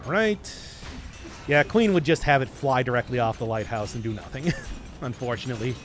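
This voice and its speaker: A man's voice: medium pitch, moderate pace, faint music behind. A man giving casual, joking commentary while playing a video game, often teasing himself. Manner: playful, joking, self-deprecating. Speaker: gaming streamer.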